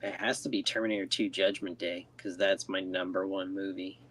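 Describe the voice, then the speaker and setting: A man's voice: sits low, little pitch movement, a little fast, fairly bright tone, a little hiss or hum. A man co-hosting a podcast, talking hesitantly in casual chat with many ums.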